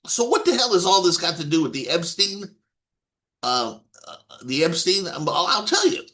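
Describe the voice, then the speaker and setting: A man's voice: high-pitched, sing-song, moderate pace, bright, forceful tone. Rambling man ranting about politics. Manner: rambling, with many restarts and blunt swearing. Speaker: political commentator. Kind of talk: off-the-cuff political monologue.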